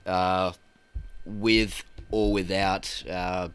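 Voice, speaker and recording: A man's voice: very slow, clean tone. A man co-hosting a movie podcast, bantering casually and animatedly. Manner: animated, jumps into high-pitched impressions. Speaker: podcast co-host.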